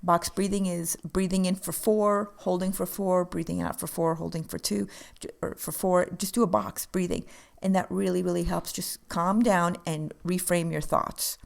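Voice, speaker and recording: A woman's voice: lowish voice, steady tone, moderate pace, creaky, hardly any pauses. A woman co-hosting a podcast, talking in an earnest, encouraging coaching way. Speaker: podcast co-host. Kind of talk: casual chat.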